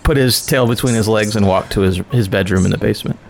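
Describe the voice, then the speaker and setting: Gravelly-voiced easygoing man. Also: lowish voice, fast talker, over loud music. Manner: laughing, easygoing. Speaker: tabletop player. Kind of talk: casual role-play chat.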